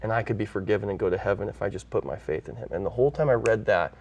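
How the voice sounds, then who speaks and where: A man's voice: on the low side, rapid-fire, gravelly, darkish tone, distant mic, lo-fi sound. A man from California, a pastor who is a guest on an interview show, earnestly telling his own story and acting out the voices he quotes. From California, USA.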